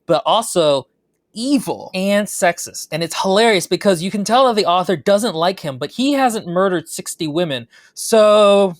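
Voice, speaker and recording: A woman's voice: medium pitch, dry recording. Woman, sarcastic book critique, casual podcast, dry close sound. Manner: wry, sarcastic commentary. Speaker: podcast co-host.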